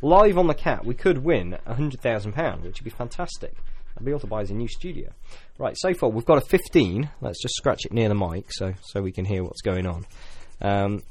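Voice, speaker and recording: A man's voice: on the low side, a little fast, few pauses, breathy edge. A man hosting a casual local radio show, joking and laughing through the banter. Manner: jokey, laughing, lively banter.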